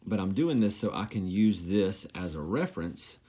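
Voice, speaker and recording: Low-voiced man teaching math. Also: lively intonation, normal speed, mellow. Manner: self-deprecating, joking asides while writing. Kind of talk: recorded math lesson.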